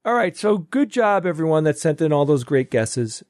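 A man co-hosting a podcast, chatting casually and reading a listener email aloud in a relaxed, talkative way. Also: a little high, normal speed, no echo, studio quality. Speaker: podcast co-host. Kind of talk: casual panel chat.

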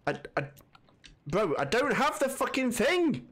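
A man with commenting on a video game he is playing, excitable, jumpy and swearing often. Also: very high-pitched, measured pace. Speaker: gaming channel host. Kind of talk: let's-play commentary.

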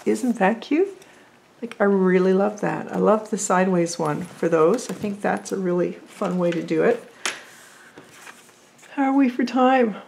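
A woman's voice: medium pitch, vocal fry, a little mellow, slight background noise. A woman vlogging as she makes paper crafts, chatty and thinking aloud as she works. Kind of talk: casual crafting chat.

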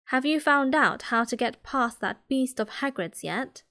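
A woman with a British accent voicing a cold, menacing male teacher in a soft whispered role-play, slow and icy. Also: very high voice, lively intonation, exaggerated voice. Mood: icy, threatening. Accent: British English.

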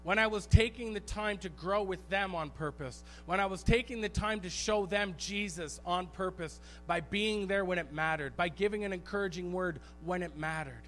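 A man preaching a sermon as pastor in a church, animated and storytelling, repeating phrases for emphasis. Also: high voice, moderate pace, few pauses, slight background noise. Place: church sanctuary.

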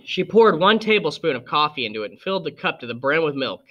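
A man reading a novel aloud as a narrator, with steady storybook delivery. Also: on the high side, fast, highs cut off. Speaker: audiobook reader. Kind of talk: scripted narration.

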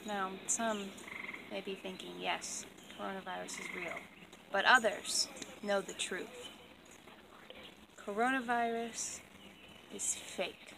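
Slow, deliberate female news anchor , as a woman puts her on, mock broadcast over a noisy outdoor recording. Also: medium pitch, fairly even intonation, vocal fry, far from the mic. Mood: mock-serious.

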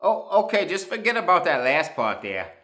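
A man's voice: high-pitched, very animated, moderate pace, very noisy. Brash crude man with Boston accent. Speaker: inventor pitching to investors. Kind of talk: comedy sketch pitch. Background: music.

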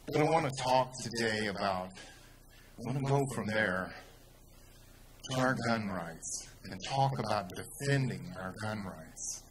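A man with a Texan accent telling a story in a speech to a crowd, rising to loud, emphatic peaks. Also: lowish voice, animated, slow pace. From Texas. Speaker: speaker at a rally.

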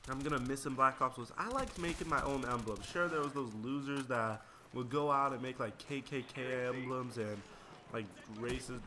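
A man's voice: medium pitch, noisy background. A young man rambling through casual gameplay commentary and stories, slangy and easily sidetracked. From United States. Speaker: gaming video creator.

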